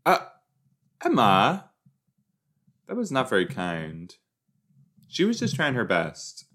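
A man casually commenting while he watches a show, chatty and quick to exclaim or laugh. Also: on the low side, huge pitch swings, a bit bright. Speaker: reaction video host.

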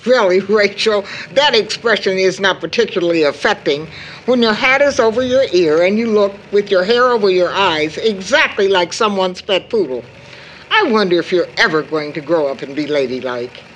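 A proper middle-aged mother, read by an actress, scolds with prim reproof, her pitch rising and falling a lot. She sounds tired and fond in this stage play reading. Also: animated, normal speed, slight background noise, natural voice, rough recording. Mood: reproving.

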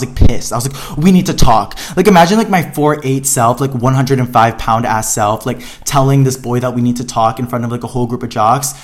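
A young man in his twenties recounts his school days on his podcast. He talks casually, with lots of fillers, and acts out the scenes dramatically in a mid-pitched voice. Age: young adult. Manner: chatty, filler-heavy, dramatic retelling. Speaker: podcast host. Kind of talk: casual storytelling monologue.

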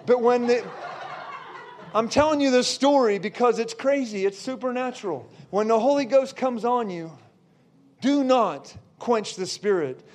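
A man preaching, telling a story with lots of check-ins to his listeners and building to shouts. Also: extremely high pitch, normal speed. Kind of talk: storytelling sermon.

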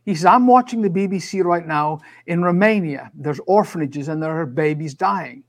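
A man's voice: fairly high pitch, normal speed, hardly any pauses. A man in his sixties, a minister and author, telling his story with animation and acting out the dialogue. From Scotland. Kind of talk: storytelling testimony. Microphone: studio microphone.

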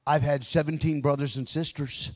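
A middle-aged man preaching a sermon as pastor, stammering into repeats and building to near-shouting fervor. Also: on the high side, steady tone, moderate pace. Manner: repeats words when wound up, rises to near-shouting fervor. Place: large church. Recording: live sermon in reverberant hall with music.

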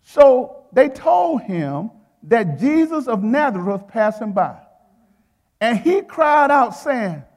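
A man's voice: very high-pitched, very animated, slow, darkish tone, long reverb tail. A male preacher delivering a sermon in a rhythmic, repeating style. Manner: rhythmic, repeats phrases, calls to the congregation.

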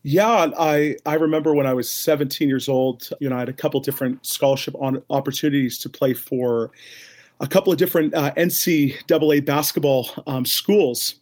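A man's voice: fairly high pitch, steady tone, a little fast. A young man from Canada, a ministry leader, telling personal stories earnestly in a casual interview, with frequent ums and restarts. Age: young adult. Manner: warm-hearted, earnest storyteller with many fillers.

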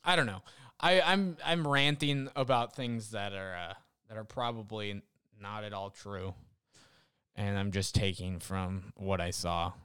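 Smooth-voiced man ranting sarcastically. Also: on the low side, steady tone, unhurried, a bit bright, dry recording, studio quality. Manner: rambling, profane, sarcastic. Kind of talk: casual rant.

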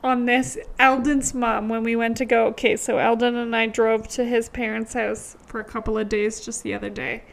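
A woman's voice: fairly high pitch, level tone, moderate pace, creaky, few pauses. A young woman co-hosting a podcast, dry and teasing in casual banter. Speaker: podcast co-host. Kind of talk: casual chat.

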